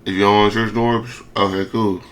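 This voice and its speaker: A man's voice: on the low side, level tone, moderate pace. A young man giving hyped, slangy commentary over a game, his speech slurred with a lisp and full of repeated phrases. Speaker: gaming video creator. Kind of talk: casual commentary over gameplay.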